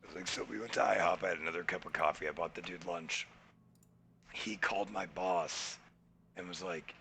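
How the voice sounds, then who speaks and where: A man co-hosting a casual podcast, his very low voice gravelly yet sharply bright. He tells stories in an animated way and mimics the people he talks about. A faint noise sits behind him. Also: brisk. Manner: animated, acts out quoted people in his anecdotes. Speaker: podcast co-host. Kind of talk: casual storytelling chat.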